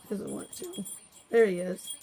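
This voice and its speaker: A woman's voice: mid-range voice, warm tone, slight background noise. A woman filming her pets at home, chatting and coaxing them in a sing-song voice. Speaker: pet owner filming her animals. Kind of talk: casual home video chat.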